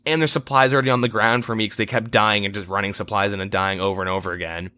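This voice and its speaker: A man's voice: fairly low pitch, fairly even intonation, very fast, sharp tone, no room sound. A man co-hosting a casual gaming podcast, telling a long rambling story with lots of swearing and exasperated asides. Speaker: podcast co-host.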